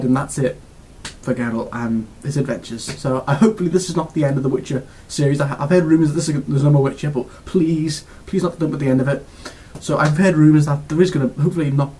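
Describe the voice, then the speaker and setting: A man's voice: fairly high pitch, a little mellow. A British man giving a casual video game review, gushing and rambling with lots of restarts and fillers.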